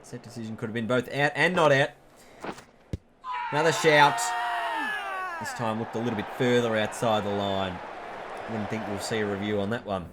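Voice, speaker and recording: A man doing play-by-play commentary on a cricket video game, chatty and excitable, jumping up at big moments and correcting himself as he goes. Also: on the low side, fairly quick, a loud crowd, very noisy.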